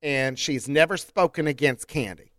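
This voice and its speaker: A man co-hosting a podcast in casual comedic chat, deadpan and playful. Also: fairly high pitch, normal speed, no room sound, studio quality. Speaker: podcast co-host.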